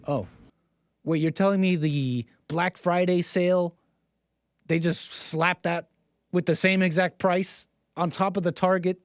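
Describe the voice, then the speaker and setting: A man's voice: high-pitched, steady tone, measured pace, dry recording. Sarcastic male stream host. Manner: sarcastic, mocking, rambling. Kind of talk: live-stream commentary monologue.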